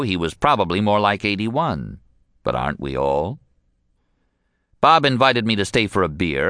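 Wry deep-voiced man narrating a memoir. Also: a bit bright, no room sound, studio quality. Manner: wry, joking storyteller. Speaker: audiobook narrator. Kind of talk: first-person memoir narration.

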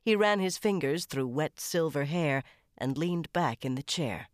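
A woman narrating a crime novel audiobook in the first person with a measured, even-paced reading. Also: low-pitched, dry recording, studio quality.

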